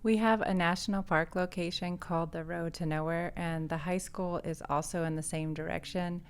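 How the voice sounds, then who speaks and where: A woman, an artist and shop owner, narrating her vlog in a calm, matter-of-fact voice-over. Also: fairly low pitch, normal speed, clear, resonant tone. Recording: voice-over with faint background music.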